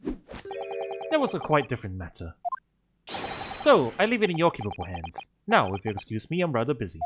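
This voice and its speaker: A man voicing a vain, aloof British gentleman detective in an airy, theatrical manner, reading game dialogue aloud. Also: medium pitch, wildly swooping pitch, moderate pace, noisy background.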